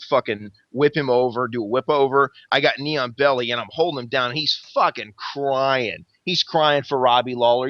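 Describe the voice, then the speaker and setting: A man, a podcast host, telling a long story in casual chat, rambling and swearing constantly with lively energy. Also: medium pitch, no room sound. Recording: dull lo-fi recording.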